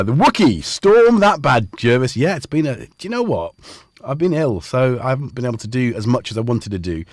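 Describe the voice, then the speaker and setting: A man's voice: mid-range voice, no echo. Male livestream host, bouncy joking delivery, dry close mic, home studio. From Scotland. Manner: playful, joking, animated asides to chat. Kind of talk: casual livestream chat. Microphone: studio dynamic mic.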